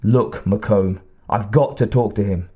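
A man voicing a tough, blunt homicide detective who talks with calm menace, in an audiobook reading. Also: on the low side, slow, husky. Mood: grim.

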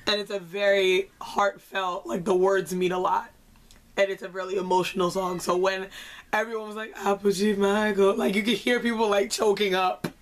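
A woman's voice: mid-range voice, normal speed. Gushing young woman reviewing a concert. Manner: animated, gushing, slangy, laughs often. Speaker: vlogger. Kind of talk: casual concert review chat.

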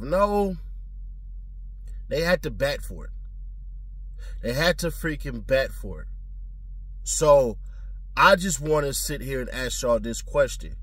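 A man's voice: fairly high pitch, expressive, a little slow, long pauses, breathy edge, dry recording. A man giving blunt, slangy, profane commentary in a casual talking style.

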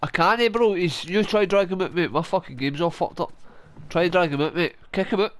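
Scottish man, high voice, gaming chat, brash sweary trash talk. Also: a little fast. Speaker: gamer. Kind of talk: gameplay voice chat.

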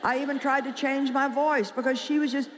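A woman with a high-pitched, fairly even voice preaches a little fast to a live congregation in a large hall. She's emphatic and jokey, often quizzing her listeners, and the recording has long hall reverb, a faint crowd, and slight background noise.

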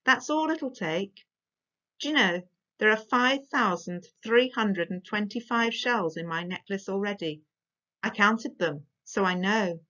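A woman's voice: medium pitch, animated, a little slow, pushed and bright. A woman voicing a determined, stubborn young girl in a storybook reading, speaking in an earnest, insistent, matter-of-fact way. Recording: dull lo-fi recording.

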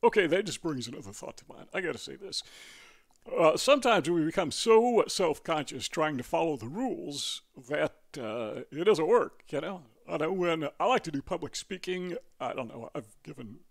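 Casting: older Midwestern guy, slightly high, gravelly voice, casual rambling vlog monologue. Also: expressive, moderate pace. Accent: Midwestern American. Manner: rambling, conversational, self-correcting with many fillers. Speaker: vlogger. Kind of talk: casual talking-head monologue.

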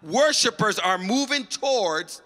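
A man pastor preaching a sermon, fervent, shouting praise calls and retelling a story with quick emphasis. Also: high-pitched, lively intonation. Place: church sanctuary. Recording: long reverb of a church hall.

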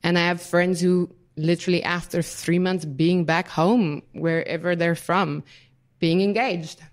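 A woman's voice: lowish voice, steady tone, unhurried. Chatty woman full of "like". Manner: chatty, lots of "like", mock-cheery quoting. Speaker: podcast panel guest. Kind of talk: casual panel chat.

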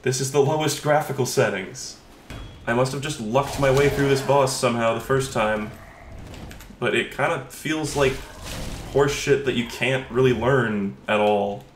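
Sarcastic, profane man yelling at a game. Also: medium pitch, normal speed, roomy sound, slight background noise. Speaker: gaming streamer. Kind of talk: live gameplay commentary.

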